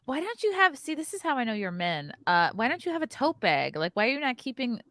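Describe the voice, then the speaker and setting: A woman's voice: high voice, sing-song, fast, fairly bright tone. A woman hosting a casual morning talk show, chatting animatedly and mimicking people. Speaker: host. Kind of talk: casual chat.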